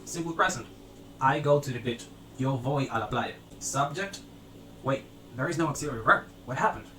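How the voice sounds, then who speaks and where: A man's voice: mid-range voice, normal speed, bright, forceful tone, reverberant, a little hiss or hum, rough recording. A man teaching a grammar lesson, laying out sentence structures step by step in a methodical, repetitive way. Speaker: language teacher.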